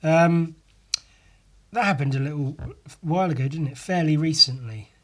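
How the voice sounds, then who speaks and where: A man hosting a casual solo podcast, hoarse and losing his voice, rambling, swearing freely and putting himself down. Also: fairly high pitch, normal speed, a bit bright. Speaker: podcast host.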